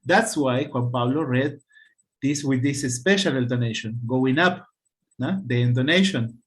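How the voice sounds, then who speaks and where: A man's voice: medium pitch, lively intonation, unhurried. A man teaching an online English class, who speaks patiently and checks in with his students with a questioning "hmm?".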